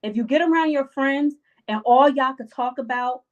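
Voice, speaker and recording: A woman's voice: sits high, normal speed, muffled recording. Emphatic slangy woman giving live advice. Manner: emphatic, repetitive, slangy, acts out friends' lines. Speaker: live-stream host giving life advice. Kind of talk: casual advice monologue on a live stream.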